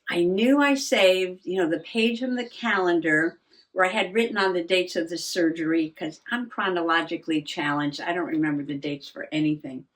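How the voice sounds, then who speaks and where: An older woman who keeps a journaling vlog chats casually at normal speed, her voice on the low side. She rambles and mocks herself, laughing often and sounding a little out of breath.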